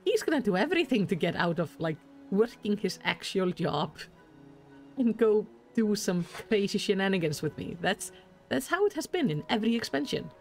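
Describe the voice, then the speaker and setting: A woman's voice: mid-range voice, very animated, moderate pace, darkish tone, faint music behind. A woman streaming a game, chatting casually between lines of game dialogue she reads aloud, with lots of "like".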